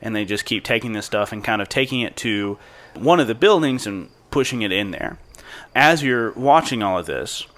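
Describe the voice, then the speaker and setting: Low-voiced easygoing game master. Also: male voice, expressive, normal speed, fairly bright tone. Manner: descriptive, easygoing. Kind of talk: narrating a tabletop game.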